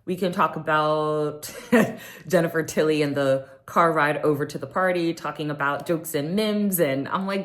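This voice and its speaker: A woman's voice: deep voice, moderate pace. A woman recapping a reality show in a chatty way, with lots of "um"s, often acting out what others said. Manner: chatty, many fillers, acts out quotes. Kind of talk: casual recap chat.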